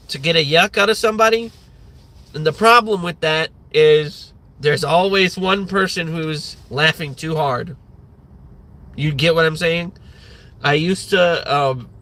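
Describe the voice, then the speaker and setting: Man, 30s, livestream host, rambling profane rant, bright edgy voice, slightly high pitch. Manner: rambling, profane, many fillers. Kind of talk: ranting livestream monologue.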